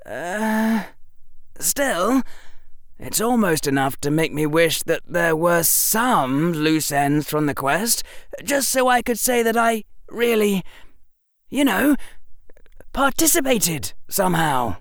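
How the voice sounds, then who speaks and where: A man's voice: high voice, very animated, vocal fry, dry recording, studio quality, voice pushed up, full character voice. Man doing a precocious, flippant boy wizard. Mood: wry. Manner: quick, wry, rambling. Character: precocious eleven-year-old boy wizard, clever and flippant. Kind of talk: audiobook character voice.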